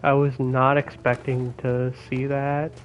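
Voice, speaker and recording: A young man chatting casually while streaming a game, excitable and swearing a lot, with laughs between his words. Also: medium pitch, takes it slowly, muffled recording, faint music behind. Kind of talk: casual gaming stream chat. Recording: faint background noise.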